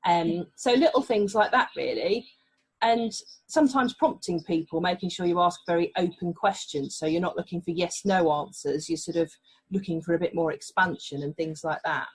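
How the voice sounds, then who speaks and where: A woman's voice: fairly low pitch, moderate pace, slightly rough, low-quality recording. A woman from England, a family mediator, explaining her work in a podcast interview in a reassuring way.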